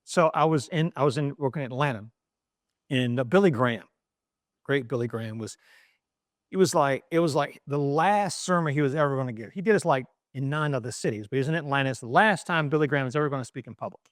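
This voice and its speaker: A middle-aged man from East Baltimore, a journalist telling an animated anecdote in an interview, with frequent restarts. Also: mid-range voice, quick pace, no room sound, clean studio sound. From East Baltimore, USA.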